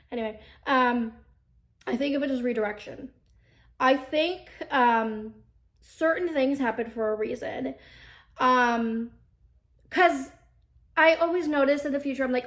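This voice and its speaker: A woman's voice: high voice, measured pace, long pauses. A young woman hosting an advice podcast, talking casually and earnestly, with lots of fillers.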